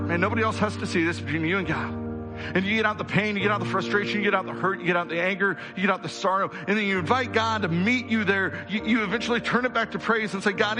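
A male pastor preaching a sermon, talking straight to his congregation and building to fervent, rhythmic peaks before easing back into a conversational tone. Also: high voice. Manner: builds to fervent rhythmic crescendos, then quiets; direct, conversational address to the congregation.

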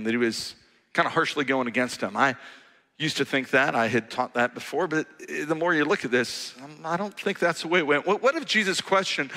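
A man preaching a sermon, telling stories with humor and lively animation. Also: medium pitch, big-room sound. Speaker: pastor.

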